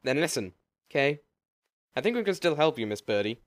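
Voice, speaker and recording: A man's voice: a little high, big pitch swings, brisk, no echo. A man voicing a courteous male agent of the afterlife who talks in polished, formal sales patter. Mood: smooth.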